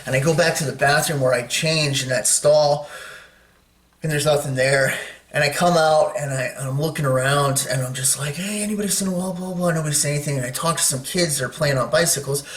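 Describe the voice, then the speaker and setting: A man's voice: on the high side, fairly even intonation, fairly quick, fairly bright tone. A man telling a personal story in a rambling, casual way, with lots of fillers, acting out what he said at the time. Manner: rambling, lots of fillers, acts out his own quotes. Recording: roomy and distant from the mic.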